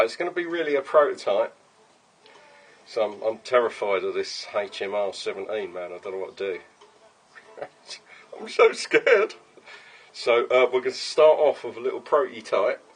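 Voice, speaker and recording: A man rambles through a casual workshop vlog. He drifts off on tangents and swears without a second thought. Faint background noise sits under his voice. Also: fairly low pitch. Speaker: workshop owner making custom paintball guns. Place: workshop with a milling machine.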